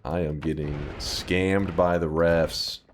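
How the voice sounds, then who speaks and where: A man live-streaming a game, chatting casually with his viewers, swearing freely and flaring up in high-pitched indignant outbursts. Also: steady tone, slow, a little hiss or hum. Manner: argues and banters with chat.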